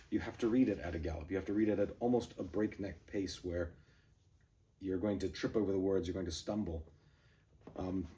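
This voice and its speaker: A lower-pitched man with a mellow, dark tone reads verse at a rushing, driving pace and then slips into loose, rambling commentary full of ums and restarts. His voice sits a little away from the microphone. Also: distant mic. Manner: brisk galloping recitation, rambling asides with fillers. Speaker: poetry reader and commentator. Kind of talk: poetry reading and casual commentary.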